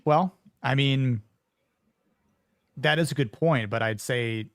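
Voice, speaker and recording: A man's voice: medium pitch, slow pace, no room sound, studio quality. A man hosting a casual podcast discussion, hesitant and full of fillers and restarts. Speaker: podcast host.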